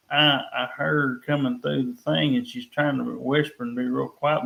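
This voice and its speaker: A man's voice: a little high, sharp tone, poor audio. A man in casual chat, explaining things in a rambling, folksy way. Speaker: live stream guest.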